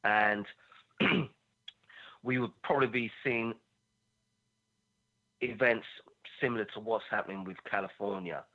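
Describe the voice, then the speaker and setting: A man's voice: lowish voice, measured pace, long pauses. A man with an Australian accent calling in to a talk show, speaking earnestly in bursts with restarts. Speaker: caller. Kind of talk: phone-in call. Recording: tinny phone line.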